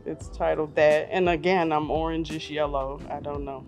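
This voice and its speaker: A middle-aged woman chatting casually on her vlog, animated and self-mocking, laughing often. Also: sits low, moderate pace, soft background music. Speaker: vlogger. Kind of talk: casual chat reviewing old photos.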